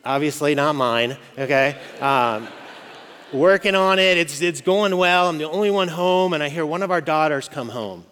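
A pastor in his forties gives a casual, joking sermon to mothers in a slightly bright, high-side voice at a moderate pace. He keeps checking in with "okay?" and "right?", with long hall reverb and slight background noise.

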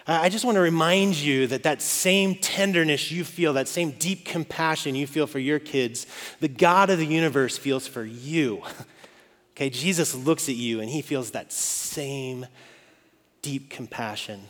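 Joking pastor in a reverberant hall. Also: male voice, on the high side, a little slow, a bit bright. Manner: conversational and joking, with frequent "okay?" and "right?". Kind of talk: sermon.

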